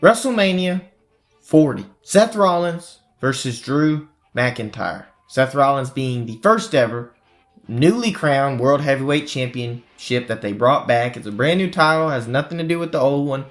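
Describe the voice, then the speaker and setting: A man hosting a casual wrestling prediction chat, recapping storylines in an animated way. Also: mid-range voice, a little slow, faint music behind. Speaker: wrestling podcast host.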